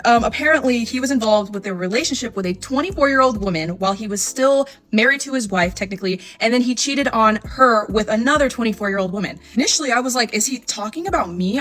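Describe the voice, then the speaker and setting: A woman in her twenties telling a casual storytime, chatty and animated, acting out her own texts. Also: a little high. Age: 20s. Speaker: storytime vlogger.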